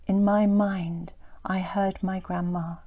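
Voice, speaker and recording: Soft-spoken woman narrating her memoir. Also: medium pitch, flat delivery, muffled recording. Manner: soft, slow and reflective, often sinking to a breathy near-whisper. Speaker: author reading her memoir.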